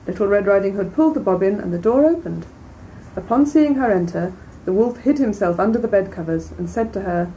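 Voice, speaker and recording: A woman reading a classic fairy tale aloud in a measured, clear way, then commenting on it as a lecturer. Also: medium pitch, lively intonation, warm tone. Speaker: reader and lecturer. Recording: distant mic, faint background noise.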